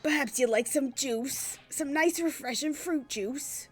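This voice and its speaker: A woman voicing a gruff, swaggering male police inspector with a rough put-on British accent. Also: high voice, a little slow, soft background music, pitched above the performer's own voice. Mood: fawning.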